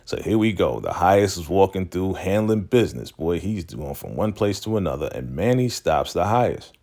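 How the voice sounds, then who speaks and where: A man hosting a casual episode recap, telling it in an animated way with quick laughs. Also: low voice. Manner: animated storytelling, slips in laughs and acted-out quotes. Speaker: YouTube recap host.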